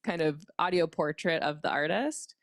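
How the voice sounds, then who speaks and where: A woman's voice: low-pitched, moderate pace, no room sound, clean studio sound. A woman podcast producer giving a casual workshop talk, chatty and filled with likes and ums.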